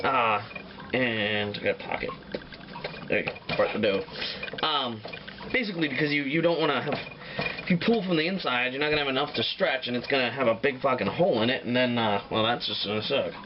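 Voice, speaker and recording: Swearing, rambling home cook, lo-fi. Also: male voice, mid-range voice, fairly quick. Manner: rambling, swears freely, loose and offhand. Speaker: home cook and show host. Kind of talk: casual cooking demonstration. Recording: dull lo-fi audio with clear noise.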